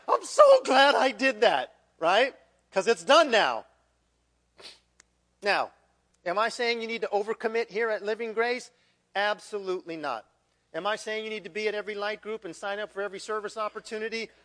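A male pastor preaching a sermon in a conversational, animated way, with frequent restarts and repeated words. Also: high voice.

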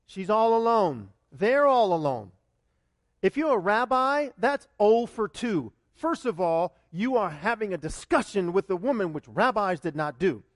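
A man's voice: high voice, big pitch swings, a little slow, no room sound, clean studio sound. A man who is a pastor, preaching a conversational sermon full of rhetorical questions and repeated starts.

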